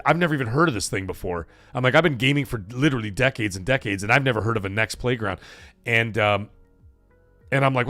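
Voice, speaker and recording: A middle-aged man hosting a gaming live stream, talking casually in a profane, animated rant. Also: mid-range voice, no room sound. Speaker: gaming channel host.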